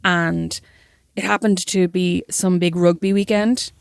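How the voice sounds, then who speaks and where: A young Irish woman co-hosting a podcast, telling a story in a lively, self-mocking way. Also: fairly low pitch, a little slow, creaky, clean tone, dry recording, clean studio sound. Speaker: podcast co-host. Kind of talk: casual chat, storytelling.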